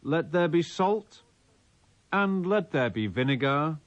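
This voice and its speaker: A man voicing a grandly proclaiming male Lord of creation in a theatrical, stately, drawn-out manner. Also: a little high, lively intonation, dry recording, highs cut off, pitched above the performer's own voice.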